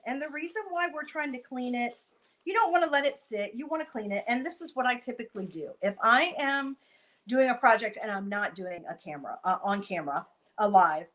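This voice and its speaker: A woman giving a chatty live-stream craft tutorial, talking viewers through each step while she works and breaking off for quick asides. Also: on the high side, a bit bright, poor audio. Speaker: craft demonstrator.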